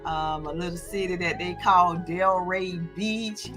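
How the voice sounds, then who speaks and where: A woman's voice: on the low side, a little slow, over loud music. A woman from South Florida, a school counselor chatting casually and folksily as an interview guest.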